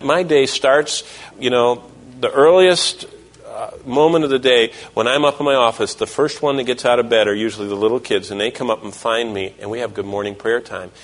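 A man's voice: mid-range voice, a little fast. Man preaching a storytelling sermon. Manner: storytelling, quoting scripture and voices in dialogue. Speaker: pastor.

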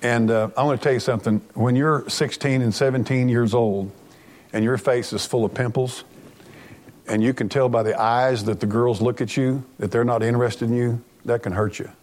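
A man's voice: mid-range voice, fairly even intonation, moderate pace, a little mellow. A middle-aged man preaching a sermon as pastor, earnest and plainspoken, often restarting his sentences.

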